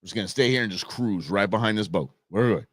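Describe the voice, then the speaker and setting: A man voicing a laid-back, smug male tuna fish, talking in a relaxed drawl. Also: on the low side, quick pace, no room sound, clean studio sound, pitched below the performer's own voice, lightly acted.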